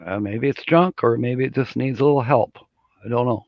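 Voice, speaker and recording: A man's voice: medium pitch, moderate pace, dry recording. Folksy middle-aged man chatting on a live stream. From Michigan. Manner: chatty, folksy, chuckles often. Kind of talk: casual live-stream chat. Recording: dull, dry lo-fi audio.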